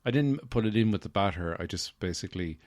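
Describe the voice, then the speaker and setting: Deep voiced guy rambling on his own podcast, deadpan jokes, lots of ums, dry close mic. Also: fast talker, no echo. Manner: rambling deadpan humor with many fillers. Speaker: podcast host. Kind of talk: casual solo podcast monologue.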